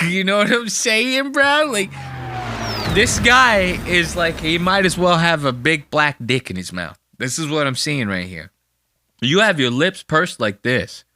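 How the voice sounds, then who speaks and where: A male podcast host riffing crudely over video clips, mocking and profane. His voice is bright and forceful with a lively, swooping pitch. The sound is dry and close to the mic. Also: no echo. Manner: mocking, crude, bursts into high-pitched impressions. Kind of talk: casual profane commentary on clips.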